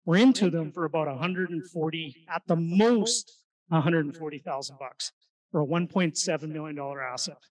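A man giving an energetic, conversational seminar talk on investing, often putting questions to the audience. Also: fairly high pitch, moderate pace, far from the mic, low-quality recording. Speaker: real estate investing presenter. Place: meeting room at an investor event.

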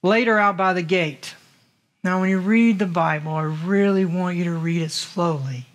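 High-voiced male pastor preaching. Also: moderate pace. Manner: conversational, rhetorical questions to the congregation. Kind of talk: sermon. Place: church in Las Vegas.

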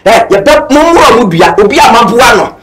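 High-voiced fervent Ghanaian man. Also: expressive, brisk, over music, poor audio. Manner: fervent, repetitive, mixes Twi and English. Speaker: political commentator. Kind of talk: impassioned political talk.

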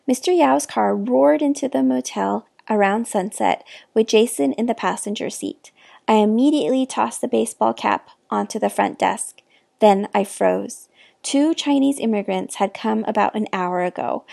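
A woman reading a children's novel aloud with expressive, clear narration. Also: mid-range voice, normal speed, dry recording, clean studio sound. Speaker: reader. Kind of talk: storybook read-aloud.

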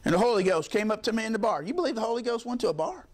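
High-voiced preacher man. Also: expressive, racing. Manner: folksy storytelling, colloquial preaching with frequent amens. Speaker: pastor. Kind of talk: sermon.

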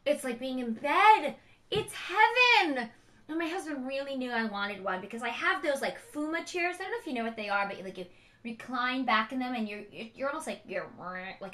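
Bright, chatty middle-aged woman vlogging. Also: on the high side. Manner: chatty, emotional, frank. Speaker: beauty vlogger, mother. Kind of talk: casual rambling vlog. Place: home.

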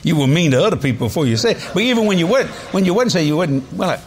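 A man's voice: on the high side, big pitch swings, racing, slight background noise. A man, preaching a sermon in a folksy, storytelling way with chuckles. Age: 70s. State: has a cold.

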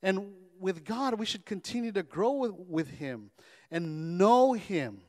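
A man preaching as pastor, animated, often calling on his congregation for an amen. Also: high voice, takes it slowly, in a large hall. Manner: animated, call-and-response preaching. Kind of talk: sermon. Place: church sanctuary.

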